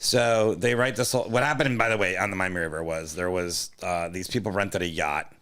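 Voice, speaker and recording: A man's voice: deep voice, steady tone, brisk, a bit bright. A man co-hosting a comedy podcast, telling a rambling story in casual chat and swearing freely. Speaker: podcast co-host.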